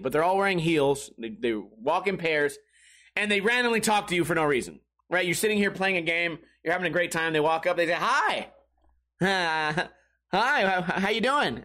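A young man with a high voice chatting on a comedy podcast. He is animated and profane, laughs often, and breaks into sudden shrill exclamations. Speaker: podcast co-host. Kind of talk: casual comedic chat.

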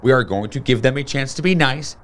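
A man voicing a spunky young girl who owns a rooster, speaking in a higher, bossy voice. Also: brisk, fairly bright tone, natural voice. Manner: bold, bossy, higher girlish voice.

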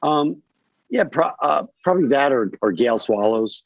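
A man from Delaware, a guest actor in a casual podcast chat, rambling and animated with lots of fillers. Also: medium pitch, moderate pace, gravelly, highs cut off, slight background noise. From Delaware, USA.

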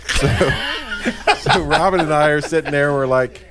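A man on a radio talk show, slowly telling a story while chuckling. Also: fairly high pitch, heavy background noise. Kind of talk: storytelling banter.

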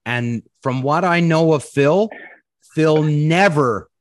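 A man's voice: fairly high pitch, takes it slowly, no echo. A man hosting a podcast, chatting casually in a rambling way, full of fillers and swearing. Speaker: podcast host. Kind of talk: casual chat.

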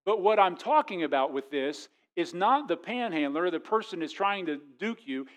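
A man preaches with a fairly high voice. He moves from loud, exclaiming passages to quiet asides. He acts out the voices of the people he quotes. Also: sing-song, moderate pace. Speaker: pastor. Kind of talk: sermon.

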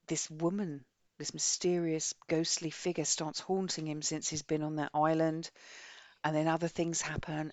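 A woman's voice: sits low, dry recording. Chatty woman with a dry, close sound. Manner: chatty, blunt and expressive, reads a synopsis aloud. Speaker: podcast co-host. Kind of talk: casual chat about books.

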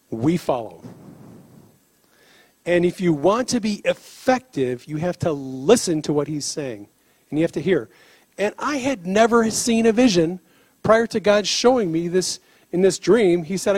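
A man preaching about healing, telling stories with lively acted-out dialogue and frequent laughter. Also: sits high, normal speed, no echo. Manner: animated storyteller, laughs often, acts out dialogue. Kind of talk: sermon with storytelling.

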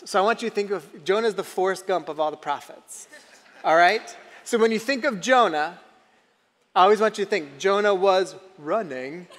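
High-voiced man preaching in an echoey hall. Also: brisk, fairly bright tone. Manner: conversational, asks the audience questions. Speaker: pastor. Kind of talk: sermon.

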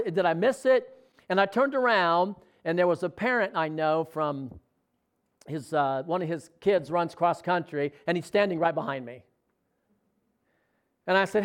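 A man preaching a sermon, telling a story with animated excitement and acting out quoted dialogue. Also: high voice. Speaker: pastor.

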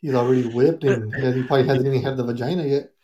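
A man's voice: mid-range voice, steady tone, racing, warm tone, lo-fi sound, slight background noise. A man talking as a guest in a casual chat, joking crudely and dropping Spanish slang, heard through a phone headset.

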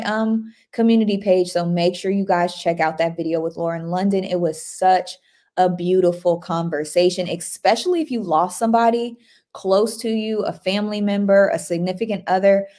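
A woman's voice: mid-range voice, fairly even intonation, normal speed, dark tone. A woman hosting a casual livestream, chatty and upbeat, reading out viewer comments and greeting people by name. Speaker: livestream host. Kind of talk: casual live-stream chat.

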